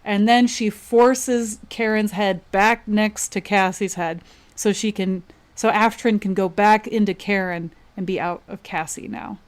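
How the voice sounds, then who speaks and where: Woman co-host, smooth clear voice. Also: mid-range voice, fairly even intonation, a little slow. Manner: laughs often, filler-heavy retelling. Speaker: podcast co-host. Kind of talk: casual chat recapping a book.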